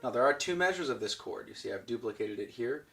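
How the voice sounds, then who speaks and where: A man's voice: medium pitch, lively intonation, fast talker, vocal fry. A man teaching an online piano lesson, patiently counting beats aloud as he demonstrates at the keyboard. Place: room with a piano. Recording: recorded from a distance with piano playing.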